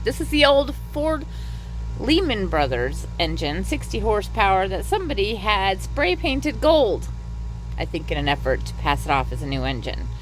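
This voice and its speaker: A woman's voice: medium pitch, big pitch swings, normal speed, faint music behind, poor audio. A woman narrating her boat refit in a chatty, upbeat voice-over.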